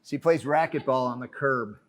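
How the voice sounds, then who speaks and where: A man gives a motivational keynote on a conference stage. He tells his story in an animated, joking way and keeps turning to the crowd as "friends." His voice sits at a middling pitch for a man. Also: moderate pace. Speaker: keynote speaker. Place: conference stage before a live audience.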